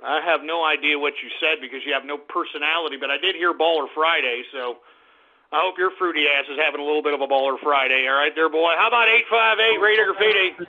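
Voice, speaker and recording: A man hosting a call-in radio show, abrasive and yelling insults at his callers, heard with a tinny lo-fi sound. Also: a little high, fast talker. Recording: tinny lo-fi phone-line sound.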